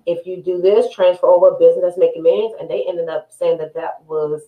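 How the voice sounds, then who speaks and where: A woman's voice: on the low side, fairly even intonation, dull audio. A woman appearing as a podcast guest, talking frankly and emphatically in a casual conversation. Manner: frank, emphatic, quick to agree. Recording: echoey room sound.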